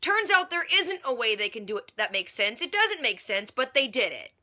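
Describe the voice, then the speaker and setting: Woman vlogger, TV recap; sarcastic, rambling, lots of "like"; sharp bright tone. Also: on the high side, big pitch swings, moderate pace. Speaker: TV reaction vlogger. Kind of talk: casual TV episode recap.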